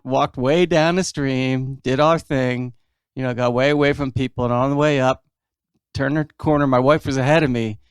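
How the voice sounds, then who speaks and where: A man telling a fishing story in casual chat with friends, relaxed and pausing with fillers. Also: medium pitch, clean tone, no room sound, studio quality.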